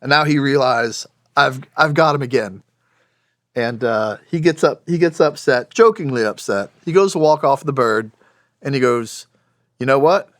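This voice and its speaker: Man, forties, wry podcast storyteller, mid pitch, dry close sound. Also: expressive, normal speed, fairly bright tone, no echo. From United States. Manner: plainspoken, wry, with frequent restarts. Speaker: podcast guest, former special operations soldier.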